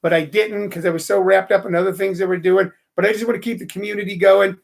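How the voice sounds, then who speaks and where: Gravelly high-voiced man hosting a live stream. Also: fairly even intonation, fast talker. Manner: loose, rambling, greets viewers by name. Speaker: host. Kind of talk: live-stream chat with viewers.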